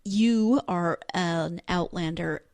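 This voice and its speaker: A woman's voice: on the low side, slow pace, a little mellow, dry recording. Woman, podcast host, chatty, self-deprecating, dry close sound. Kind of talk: casual solo podcast talk.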